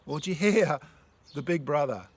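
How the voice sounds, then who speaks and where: Husky man giving a devotional talk. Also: on the high side, lively intonation, moderate pace. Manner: reads a prayer aloud, then asks the listener gentle questions; swings between soft, hushed phrases and stronger ones. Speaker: speaker sharing a faith story.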